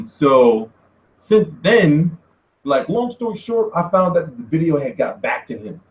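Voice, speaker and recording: High, lively-voiced man in an echoey room. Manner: animated, laughing, slangy storytelling. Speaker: boxing media vlogger. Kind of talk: casual profane monologue. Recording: roomy echo.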